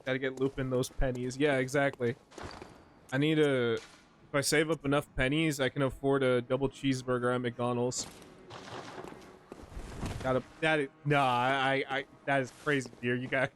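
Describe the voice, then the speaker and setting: A man's voice: medium pitch, level tone, normal speed, a little hiss or hum. A man in his twenties chatting casually with viewers while playing a game, slangy and rambling, laughing often. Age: 20s. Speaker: streamer. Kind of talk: casual gameplay commentary to chat.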